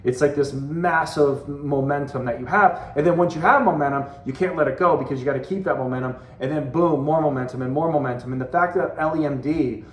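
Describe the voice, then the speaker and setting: A man in his forties delivers a motivational talk to his sales team, earnest and conversational, driving points home by repeating them. His voice sits a little on the high side. The sound carries a noticeable roomy echo. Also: fairly quick, few pauses. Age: 40s. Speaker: direct sales team leader and coach.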